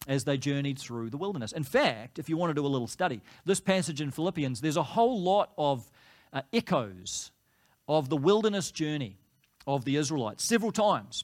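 A pastor preaching a conversational sermon, rising and pressing when he voices complaints. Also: a little high.

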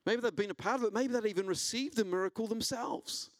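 New pastor preaching in a dry room. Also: male voice, fast talker, no echo. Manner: storytelling, rising in pitch and intensity when preaching. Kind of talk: sermon.

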